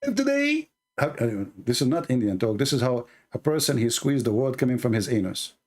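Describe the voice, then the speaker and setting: A man doing a mocking impression of a pompous, sputtering male preacher in a much higher voice. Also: big pitch swings, a little fast.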